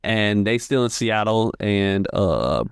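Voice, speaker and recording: A man's voice: on the low side, takes it slowly, creaky, smooth, no echo, studio quality. A man co-hosting a podcast, recapping a TV episode in a loose, rambling way, full of "like" and "uh". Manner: relaxed, rambling, lots of fillers. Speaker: podcast co-host. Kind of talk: casual recap chat.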